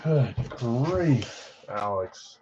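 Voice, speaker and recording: A man's voice: mid-range voice, animated, very slow, noisy background. Chatty self-mocking man, lo-fi stream. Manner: self-deprecating, chatty, talks to chat viewers. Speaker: live card break host. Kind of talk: casual live-stream chat. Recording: slightly dull lo-fi stream audio.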